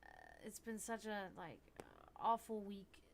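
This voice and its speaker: A woman's voice: unhurried, slight background noise. A woman hosting a casual livestream, rambling with many restarts and fillers, sounding tired. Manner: high baby talk to her cats. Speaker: livestream host.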